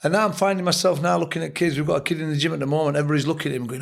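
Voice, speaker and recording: A man's voice: on the high side, very fast, creaky, hardly any pauses. An older man with a Sheffield accent, a boxing trainer telling reflective, blunt stories as a guest on a casual podcast interview. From England.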